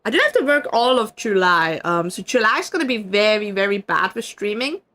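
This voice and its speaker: A woman's voice: mid-range voice, sing-song, fairly quick, bright, forceful tone. Chatty Swiss woman streamer. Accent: Swiss German. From Switzerland. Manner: chatty, laughs often, swears casually. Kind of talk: casual chat.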